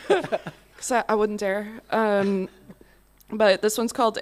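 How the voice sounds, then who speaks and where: A woman's voice: medium pitch, little pitch movement, slow pace, clear, resonant tone. A woman poet chatting with many fillers and laughs, then reading her poem on a theatre stage. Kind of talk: poetry reading with casual chat.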